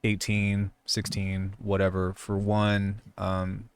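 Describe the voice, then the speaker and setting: A man in his thirties co-hosting a casual podcast as a martial arts instructor, soft-spoken and measured. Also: lowish voice, completely flat delivery, clean tone. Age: 30s.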